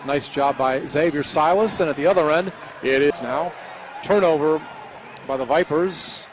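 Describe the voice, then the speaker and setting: Chatty basketball announcer, noisy broadcast. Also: male voice, on the high side, moderate pace. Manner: chatty calls mixed with banter. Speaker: play-by-play commentator. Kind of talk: basketball play-by-play.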